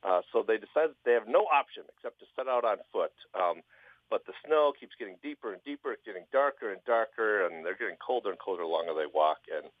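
A man tells a long joke down a tinny phone line, his pitch rising and falling lively. He hesitates often, filling gaps with fillers, and the sound is dry and close. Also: no room sound. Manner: halting, lots of fillers, lively. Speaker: phone-in guest, joke teller. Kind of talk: casual storytelling.

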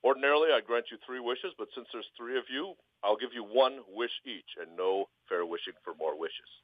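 A man's voice: mid-range voice, fairly quick, dry recording, lightly acted. A cranky, impatient genie , as a man puts him on, brusque and snappish. The voice is tinny and dry, like a phone call.

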